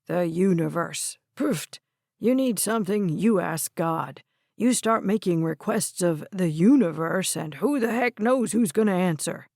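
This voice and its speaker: A woman voicing a gruff, blunt elderly grandfather in an audiobook, recorded dry. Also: fairly low pitch, lively intonation, measured pace, darkish tone, no echo, exaggerated voice. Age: over 70. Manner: gruff and plainspoken.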